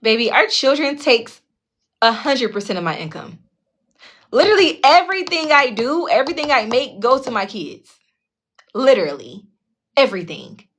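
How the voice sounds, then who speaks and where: A woman's voice: fairly high pitch, moderate pace. Blunt, foul-mouthed woman telling a story. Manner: blunt, heavily profane, keeps checking in with listeners; animated, acts out the other people in her story. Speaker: tarot channel host telling a personal story. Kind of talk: casual storytime monologue.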